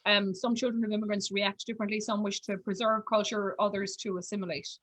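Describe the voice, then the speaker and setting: A woman's voice: medium pitch, flat delivery, fast, a bit bright, no echo. An Irish woman from rural Ireland hosting an online talk, chatty and full of "you know" and "like". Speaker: host. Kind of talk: casual video call interview. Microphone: video call.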